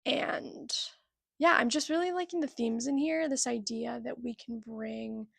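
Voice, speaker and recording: A woman's voice: fairly high pitch, fairly even intonation, a little slow, creaky, breathy edge, dry recording. A young woman vlogging casually about books, chatty and giggly, with lots of fillers. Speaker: book vlogger. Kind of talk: casual chat.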